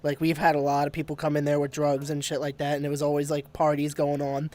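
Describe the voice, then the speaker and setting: A man's voice: a little high, completely flat delivery, quick pace, a little mellow. A man telling a ghost story on a podcast, laughing often and swearing freely. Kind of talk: casual storytelling.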